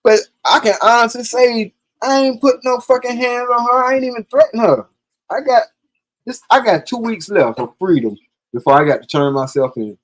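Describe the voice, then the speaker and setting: A man's voice: very high-pitched, moderate pace. A man telling a personal story in casual, profane talk on a live stream, acting out the lines of the people in it. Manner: profane, animated, acts out quoted dialogue.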